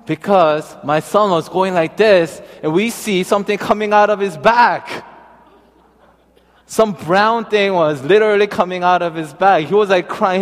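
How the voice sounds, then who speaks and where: A man preaching a sermon, telling a personal story and then reading scripture, with a hesitant, filler-heavy way of talking. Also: high voice. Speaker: pastor. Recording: long reverb of a large hall.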